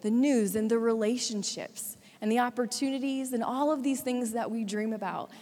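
A woman preaching a sermon, retelling a story with dramatic swings between hushed and urgent delivery. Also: a little high, normal speed. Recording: long hall reverb.

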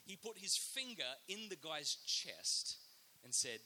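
Animated, bright-voiced male speaker. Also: high-pitched, slow pace, poor audio. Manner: animated, dramatic drops to a whisper. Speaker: Catholic speaker. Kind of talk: storytelling talk to an audience.

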